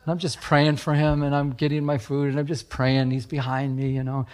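A man preaching a sermon, telling personal stories in a chatty, animated way. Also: medium pitch, fairly quick. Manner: animated, chatty, laughs at his own jokes. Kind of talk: sermon storytelling.

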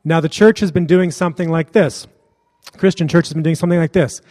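A man delivers a sermon in a high, light voice. He keeps it conversational and blunt, with a joking edge. The sound rings with the long reverb of a large hall. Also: steady tone, a little fast, darkish tone. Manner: casual, joking and blunt, laughs often. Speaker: preacher.

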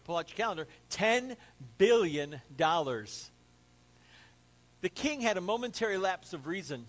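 Lively, animated male pastor preaching. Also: high voice, unhurried, rough recording. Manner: animated, conversational, joking asides. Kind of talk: sermon.

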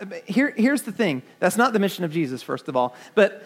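A man's voice: high-pitched, lively intonation, brisk, hardly any pauses. A man preaching a sermon to his congregation, earnest, often repeating words and asking the listeners questions. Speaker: pastor.

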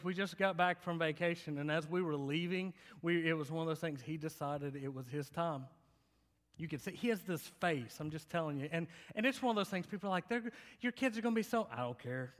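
A young adult male pastor preaching a sermon, swinging between loud emphatic lines and quiet, intimate asides with humorous personal stories. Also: fairly high pitch. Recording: long hall reverb.

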